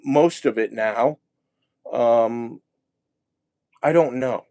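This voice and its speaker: Slow-talking, agitated man in a dry room. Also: mid-range voice, dark tone, no room sound. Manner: agitated, profane, halting with restarts. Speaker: vlogger. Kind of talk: rambling monologue.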